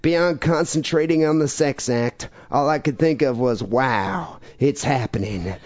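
Guy doing a creepy southern cult leader voice, slow drawl, kinda muffled audio. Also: mid-range voice, darkish tone, close to an everyday voice. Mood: reminiscing.

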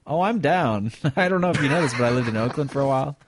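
A man's voice: medium pitch, expressive, fast talker, a crowd in the background. A man co-hosting a podcast, trading wisecracks in casual chat and laughing at his own jokes. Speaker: podcast co-host.

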